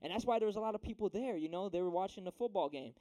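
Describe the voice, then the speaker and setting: A young man preaches to a room of teens in an easy, slangy way, keeping up a steady stream of "right?" and "dude." His voice sits high but sounds mellow and warm. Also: racing. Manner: slangy, chatty, asks "right?" often. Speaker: youth preacher. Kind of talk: casual youth sermon.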